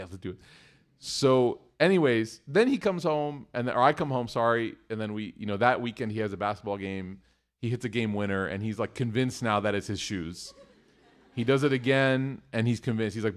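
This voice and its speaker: A man in his thirties teaching a class, telling stories about his son and acting out their dialogue. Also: medium pitch. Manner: animated storyteller acting out family dialogue. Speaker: religious teacher. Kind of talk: storytelling lecture to a live class.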